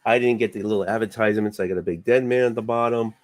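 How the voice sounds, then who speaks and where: A man's voice: steady tone, fast talker, darkish tone, no echo. Rambling man retelling a comic. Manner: rambling, acts out character lines with bursts of pitch. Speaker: comic book reviewer. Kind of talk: casual retelling of a comic story.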